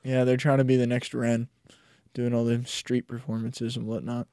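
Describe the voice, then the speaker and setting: A man's voice: mid-range voice, monotone, moderate pace, mellow, clean tone, no room sound. Man, podcast co-host, casual chat, argues his case, dry close sound. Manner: argues and explains his points at length.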